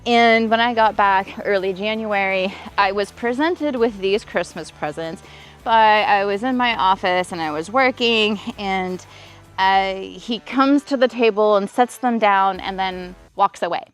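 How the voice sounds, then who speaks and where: A woman's voice: mid-range voice, unhurried, clean tone, faint music behind. A woman vlogging as a relationship coach, telling a personal breakup story and explaining attachment patterns, acting out quoted exchanges with emphatic lists. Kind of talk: personal vlog storytelling with advice.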